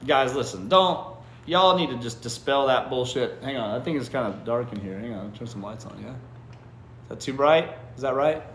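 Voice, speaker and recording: This livestream host, a man with a medium-pitched, slightly bright voice, reads viewer comments indoors and hands out teasing, blunt advice full of swearing. His intonation is lively and his pace moderate, and the roomy recording carries a little hiss or hum. He keeps asking "what?" as if he can't believe it.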